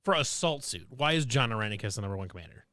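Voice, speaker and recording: A man's voice: medium pitch, animated, racing, pushed and bright. A man co-hosting a casual streamed chat, rambling and giggling, often repeating himself. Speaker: co-host.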